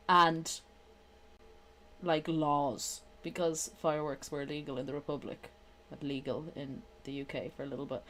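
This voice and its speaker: A young woman from Ireland with a softened Irish accent, chatting casually with friends and shifting into animated comic voices. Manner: animated, swears a lot, laughs, shifts into high-pitched comic voices. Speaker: podcast co-host. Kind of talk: casual chat.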